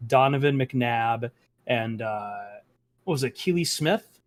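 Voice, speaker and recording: Male co-host with hiccups, stop-start casual banter, video-call audio. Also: mid-range voice. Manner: halting, repeats words, relaxed banter. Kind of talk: casual chat.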